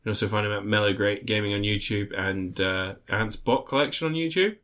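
A man co-hosting a casual podcast about films, talking in a sweary, animated way and often laughing. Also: fairly low pitch, fairly quick, hardly any pauses. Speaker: podcast co-host. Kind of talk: casual film review chat.

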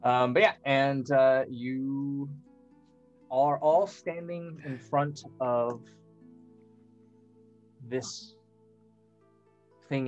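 A man's voice: mid-range voice, lo-fi sound. Guy running a tabletop game, describing stuff, bit of music behind. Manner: descriptive, with hesitations. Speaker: game master.

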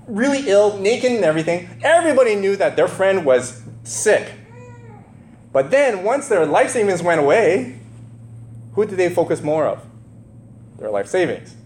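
A man giving a conversational sermon, animated, questioning his listeners and acting out the people in the story. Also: sits high. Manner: animated, asks the listeners questions, acts out quotes. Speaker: preacher. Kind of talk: conversational sermon, Bible teaching. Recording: roomy echo with faint hum.

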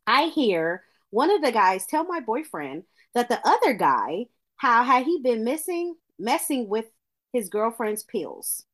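Lively woman reading a listener letter. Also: on the high side, a little slow. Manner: reads letters aloud with stumbles and laughs. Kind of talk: casual podcast chat.

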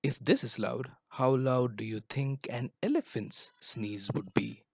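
A man's voice: mid-range voice, unhurried, gravelly, slightly rough, dry recording. A man voicing an inquisitive female monkey with a cold in a children's story. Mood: curious.

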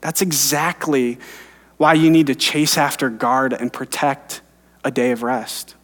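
A man in his thirties preaches with earnest, personal storytelling, at an everyday middle pitch. His voice carries the long reverb of a church sanctuary. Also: fairly even intonation, a little slow, fairly bright tone. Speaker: pastor. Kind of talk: sermon.

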